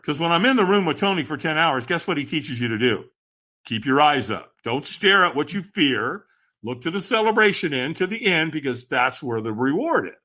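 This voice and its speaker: A man, a podcast guest, telling a personal story in a lively, dramatic way and often addressing the host. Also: mid-range voice. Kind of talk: animated storytelling.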